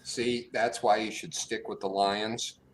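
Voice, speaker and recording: A man's voice: on the low side, level tone, a little slow, very noisy. A man co-hosting a casual talk show, joking and teasing his friends. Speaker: podcast co-host. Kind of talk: casual chat.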